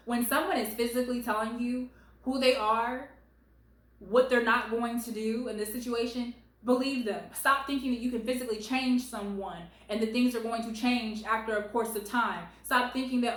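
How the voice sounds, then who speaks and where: A woman with a fairly high voice gives sassy, animated commentary on stories she reads aloud. She talks straight to the poster, calling her baby and girl. Her voice rings in an echoey room at home. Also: brisk. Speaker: host reading online stories.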